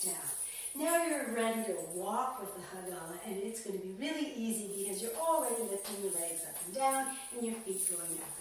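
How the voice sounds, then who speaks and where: A woman teaching a belly dance lesson, calmly counting out the beats as she demonstrates, recorded in a dance studio on a camera mic set far off. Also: fairly high pitch. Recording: echoey room, mic far off, faint noise.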